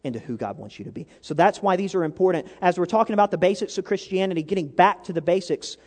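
High-voiced pastor preaching in a reverberant hall. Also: male voice, quick pace. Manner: animated, conversational preaching with repetitions and restarts. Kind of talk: sermon.

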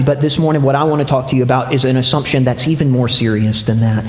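A man's voice: mid-range voice, fairly even intonation, fast talker, hardly any pauses. A man preaching a sermon to a congregation, telling stories with frequent restarts. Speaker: pastor. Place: church sanctuary. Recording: echoey hall with long reverb.

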